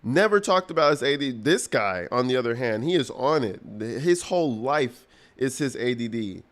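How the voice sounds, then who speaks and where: A man riffs through casual livestream commentary, crude and mocking, with plenty of slang. His voice comes across smooth and clear. He rambles from one jab to the next. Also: medium pitch, lively intonation, moderate pace. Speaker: streamer reacting to a clip.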